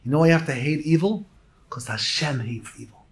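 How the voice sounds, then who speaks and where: A man teaching a Torah lecture as a rabbi, emphatic and swinging between hushed and loud phrases. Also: a little high, a little hiss or hum. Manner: slow, drawn-out emphasis.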